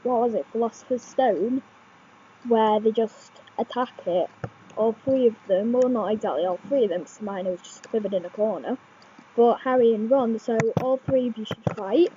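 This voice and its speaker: A woman's voice: fairly high pitch, normal speed, dark tone, highs cut off, a little hiss or hum. A young woman, chatting casually as she reads quiz questions aloud and thinks them through, with many fillers and restarts. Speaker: vlogger.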